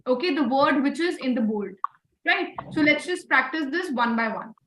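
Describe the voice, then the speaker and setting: A high-voiced woman runs an online speaking class. She is encouraging, keeps praising students and slips into Hindi now and then. Her voice has a roomy echo and faint noise behind it. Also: animated, moderate pace, fairly bright tone. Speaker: voice and communication trainer.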